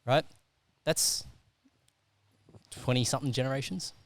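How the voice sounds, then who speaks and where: A man hosting a casual chat, working through an idea out loud and checking in with the listener as he goes. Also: mid-range voice, a little slow. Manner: thinks out loud, keeps checking in with "right?".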